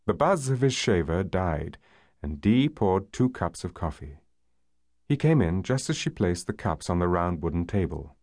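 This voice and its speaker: A male audiobook narrator with a fairly low voice that moves widely in pitch as he tells the story. The reading is measured and expressive, and the recording is close and dry with no room sound. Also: no room sound. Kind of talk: scripted narration.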